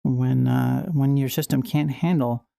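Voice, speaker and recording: Slow, gravelly woman streamer. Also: a bass voice, steady tone, warm tone, dry recording, clean studio sound. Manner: rambling, playful, frequent restarts and laughs. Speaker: livestream host. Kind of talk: casual livestream chat.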